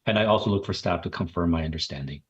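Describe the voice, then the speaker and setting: Deep husky man on a muffled line. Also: quick pace. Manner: hesitant, many fillers. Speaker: school board trustee. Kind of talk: formal board meeting remarks.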